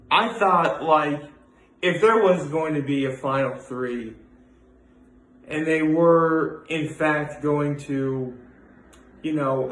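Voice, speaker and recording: A man's voice: on the high side, fairly bright tone, reverberant, low-quality recording. A young man rambling through a casual daily vlog, full of fillers and restarts. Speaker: vlogger.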